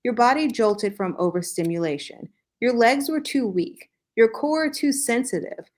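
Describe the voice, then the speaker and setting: Her voice is a little high and darkish, with lively intonation and a slightly slow pace. Hosting a podcast, she reads fan fiction in a dry tone, interrupting herself with jokes and laughter for comic effect.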